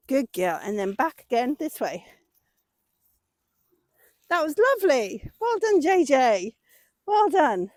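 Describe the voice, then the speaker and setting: A woman's voice: on the high side, no room sound. A woman hosting her own vlog, chatting casually and encouraging her horse as she works it outdoors. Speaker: horse owner and channel host. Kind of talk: casual vlog narration while working a horse.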